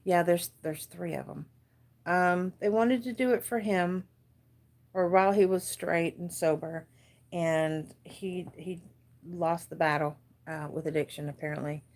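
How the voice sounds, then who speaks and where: A woman in her forties with an American accent, hosting a casual crafting livestream from a dark room at home, chatty and easily distracted, laughing often. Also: fairly low pitch, steady tone, measured pace. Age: 40s. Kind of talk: casual live chat.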